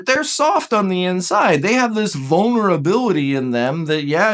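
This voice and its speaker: Animated man teaching, pitch leaping around. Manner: animated, self-deprecating, emphatic. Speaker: Enneagram teacher. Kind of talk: casual teaching talk.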